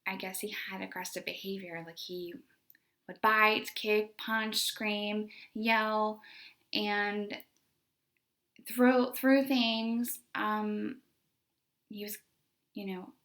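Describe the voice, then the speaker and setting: A woman's voice: mid-range voice, level tone, very slow, pauses often, a bit bright. A young woman, a special education teacher, telling a story from her classroom in a casual, conversational way, full of "like" and "you know".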